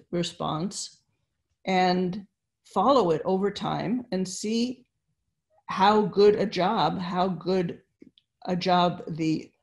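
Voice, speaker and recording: An older woman giving an online webinar lecture, explaining step by step with pauses, fillers and restarts. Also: lowish voice, creaky, darkish tone. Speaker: neuroscience lecturer. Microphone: computer mic on video call.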